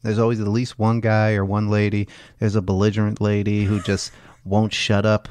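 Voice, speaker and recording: A man's voice: on the low side, completely flat delivery, moderate pace, darkish tone, no echo. Crude laughing man telling party stories. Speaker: podcast co-host. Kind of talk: casual profane chat.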